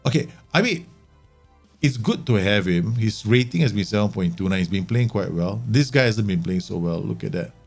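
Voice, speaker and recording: Male game streamer, lowish voice, excitable live match commentary, faint background music. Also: brisk, vocal fry, hardly any pauses. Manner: animated, exclaiming and grumbling at the match. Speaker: streamer playing a football management game.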